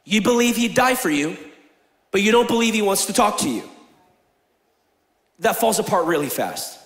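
A young male pastor with a high voice preaches in a big church hall where every word rings off the walls. He jokes and teases, then climbs into loud, emphatic declarations before dropping to near-whispered asides. The delivery stays lively and theatrical. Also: moderate pace. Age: young adult. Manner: animated, shifts between loud proclaiming and quiet asides. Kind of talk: energetic sermon with jokes.

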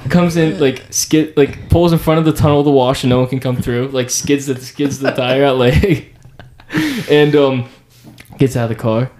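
A man's voice: mid-range voice, normal speed, a little hiss or hum. A young man, a podcast co-host, telling a story in casual chat and saying "dude" a lot. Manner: animated storyteller, slangy, says "dude" a lot.

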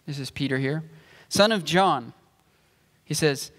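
A man preaching at an unhurried pace, his voice sitting a little high for a man. He works through scripture verse by verse in a measured, explanatory way, and the church hall around him rings with a long reverb. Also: a bit bright. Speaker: pastor. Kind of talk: sermon. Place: church sanctuary.

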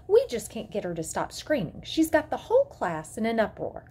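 A woman's voice: on the high side, huge pitch swings, moderate pace, mellow, slight background noise, pitched above the performer's own voice. A woman voicing a condescending schoolteacher in a prim, professional tone while reading a story aloud. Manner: superior, professional teacher tone.

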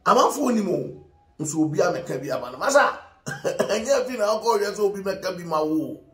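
Ghanaian male pastor, emphatic sermon delivery, high voice, roomy echo. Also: very animated, normal speed. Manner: mixes Twi and English, emphatic preaching with laughs.

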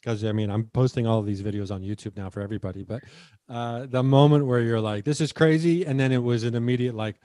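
A man chats as a podcast host, easygoing and reflective, and laughs readily. His voice sits dark and mellow. The recording is dry, with no room sound. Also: mid-range voice, quick pace, no echo. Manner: relaxed, thoughtful, laughs easily. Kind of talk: casual conversational chat.

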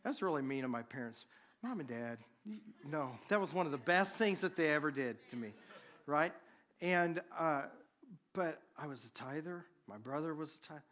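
A man preaching, a pastor telling a personal story to his congregation in a conversational, animated way. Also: a little high, moderate pace.

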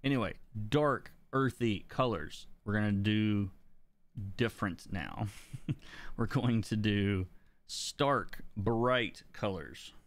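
A man teaching coloring on a live stream, explaining his ideas in a relaxed way, chuckling now and then and answering questions from chat. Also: on the low side, slow pace. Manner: relaxed, explanatory, laughs between points. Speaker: comic book colorist and teacher. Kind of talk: live-stream art lesson, reading chat.

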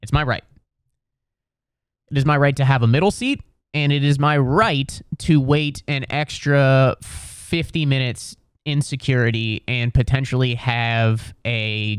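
A young American comedian tells a story in an animated, profane way, leaning on filler words. His voice is smooth and clear, recorded close and dry with no room sound. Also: mid-range voice, no echo. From United States. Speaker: comedian podcast host.

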